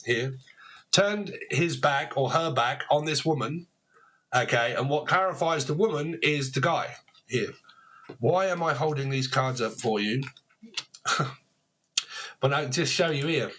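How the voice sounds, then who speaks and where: A man's voice: fairly high pitch, sharp tone. A man giving a casual tarot reading to camera, rambling, swearing freely and laughing at himself. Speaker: tarot reader.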